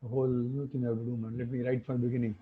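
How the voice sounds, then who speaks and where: A man teaching an online class speaks very fast in a mid-range voice with little pitch movement. He breaks explanations into steps and checks in with tag questions, over phone-like, muffled audio with slight background noise.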